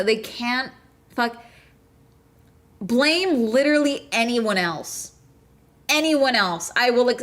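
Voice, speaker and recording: A woman's voice: on the high side, fairly bright tone. A woman hosting a casual chat show, rambling between topics and ranting with plenty of swearing. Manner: chatty, profane, ranting. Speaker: streamer host.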